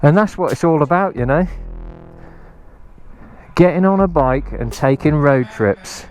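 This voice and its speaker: A man's voice: a little high, lively intonation, measured pace, darkish tone, soft background music. A man giving a casual, enthusiastic motorbike review outdoors on a hilltop, rambling with many ums. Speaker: motorcycle vlogger.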